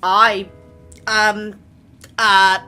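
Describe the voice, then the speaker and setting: A woman's voice: medium pitch, flat delivery, drawn-out words, bright, forceful tone, clean tone, soft background music. A woman hosting a casual game playthrough, chatting, reacting and reading the story aloud. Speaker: gaming channel host.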